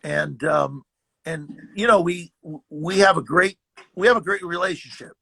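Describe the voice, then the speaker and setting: An older man, a guest actor, telling stories in a casual, animated way, acting out dialogue and often repeating words. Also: high voice, unhurried, gravelly. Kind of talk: casual storytelling.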